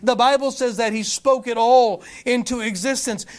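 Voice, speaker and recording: A male pastor with a notably high voice preaches with fervor. He repeats his points for emphasis, stumbles into restarts, and keeps calling out to his congregation. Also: fairly even intonation, moderate pace. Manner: calls out to the congregation for responses. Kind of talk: sermon.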